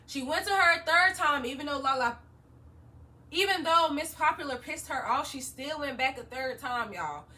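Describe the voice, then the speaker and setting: A young woman vlogger telling a story in an animated, slangy way, laughing often. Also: sits high, normal speed, recorded from a distance. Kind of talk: storytime vlog.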